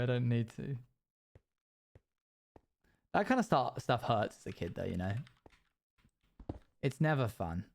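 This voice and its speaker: Animated man telling stories. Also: mid-range voice. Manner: rambling, animated, sound-effect noises. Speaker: streamer. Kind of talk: casual storytelling while gaming.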